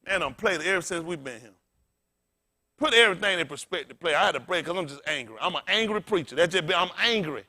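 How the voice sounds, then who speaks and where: A man preaching with a high, bright, ringing voice, calling out questions for the congregation to answer. He is blunt and profane, animated, and often breaks into laughter. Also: fast. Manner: loud call-and-response preaching, blunt and profane. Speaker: pastor. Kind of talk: sermon.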